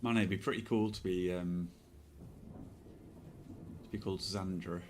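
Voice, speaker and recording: Soft-spoken British man, low voice. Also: fairly even intonation, unhurried, a little hiss or hum. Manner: rambling, soft-spoken, prone to tangents. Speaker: Twitch streamer. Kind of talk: casual chat while streaming.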